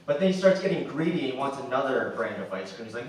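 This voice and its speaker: A man's voice: medium pitch, sing-song, fast talker, hardly any pauses. Young man doing stand-up in an echoey hall. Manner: conversational, acts out quoted voices, frequent "like" fillers. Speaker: stand-up comedian. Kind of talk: stand-up comedy set. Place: theatre stage with audience laughing. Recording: roomy echo, distant mic, faint noise.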